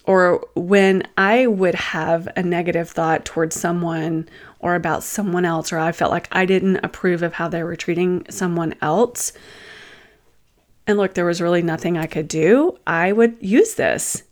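A woman's voice: on the low side, fairly even intonation. Reflective woman telling a personal story. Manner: thoughtful, unhurried, often pausing and restarting; candid, self-deprecating asides. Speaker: host sharing personal experiences.

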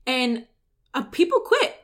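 A woman who owns and coaches at a gym gives a casual motivational talk, her high voice swinging widely in pitch. She's chatty, leans on "like" and "right?", and acts out everyday complaints in quick asides.

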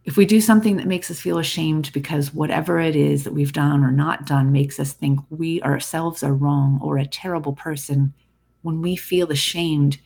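A podcast host giving a calm, reflective self-help talk, speaking directly to the listener. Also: medium pitch, gravelly, husky. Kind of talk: scripted self-help monologue.

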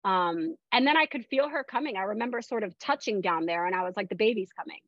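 A woman's voice: medium pitch, fast, no echo. Chatty woman, dull dry recording. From Florida. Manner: chatty, animated retelling, frequent fillers. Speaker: guest. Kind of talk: casual personal storytelling.

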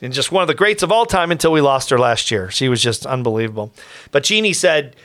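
A man's voice: medium pitch, fast talker, no echo. Rambling middle-aged man telling stories. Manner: rambling, many restarts and asides, animated quotes. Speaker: podcast host, professional speaker. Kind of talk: casual storytelling.

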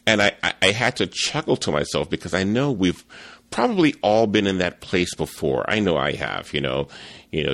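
A man with a low, gravelly voice hosts a casual solo podcast. He rambles in an easygoing way, restarting sentences and repeating words. His pitch swings lively up and down as he tells his stories. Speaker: podcast host, photography teacher.

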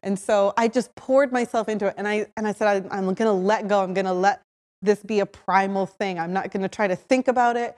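A woman hosting a podcast, telling her own story in a lively way, acting out her own voice in quotes and often saying "like". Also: mid-range voice, brisk, long reverb tail. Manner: animated, acts out her own voice in quotes, frequent "like". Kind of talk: personal storytelling.

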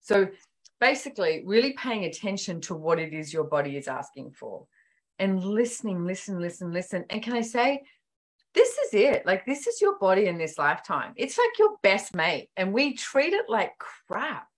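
A woman author, guest on a casual podcast, talks at normal speed in a mid-range voice. Her anecdotes are animated and she acts out the dialogue, frequently using "like" and "you know" as fillers.

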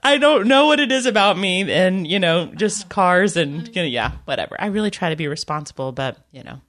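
A middle-aged woman telling a story in casual chat, animated and often laughing. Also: lowish voice, brisk.

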